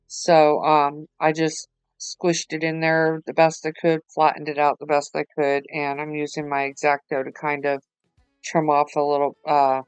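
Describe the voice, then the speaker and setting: A woman's voice: deep voice, completely flat delivery, a little slow, clean tone, no echo, soft background music, rough recording. A tired woman, rambling chattily with lots of fillers as she talks through a craft project. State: tired, yawning. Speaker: craft vlogger. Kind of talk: casual voice-over while crafting.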